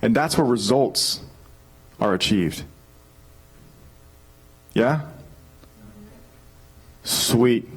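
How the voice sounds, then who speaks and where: A man, preaching a sermon in a casual, animated storytelling way and acting out what people said. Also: fairly high pitch, poor audio. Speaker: pastor.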